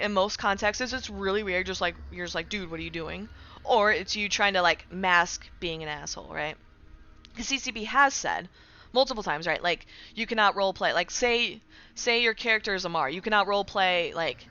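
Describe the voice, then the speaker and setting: A woman's voice: medium pitch, sharp tone, muffled recording. A young woman streaming casually, chatting with her viewers, peppering her talk with "right?" and sarcastic asides. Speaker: streamer reading chat. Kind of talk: casual live-stream chat.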